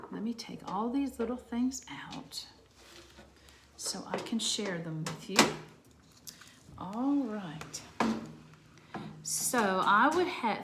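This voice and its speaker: A woman, gently teaching a lesson to young children from home. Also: mid-range voice, noisy background. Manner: gentle, slow, talking to children. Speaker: preschool teacher.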